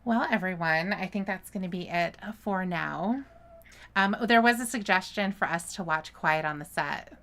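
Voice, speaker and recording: A woman co-hosting a podcast, chatting casually and laughing often. Her voice is lowish and gravelly, with a bright, edgy tone. She teases her co-host in a relaxed way. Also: moderate pace, a little hiss or hum. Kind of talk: casual chat on a live stream.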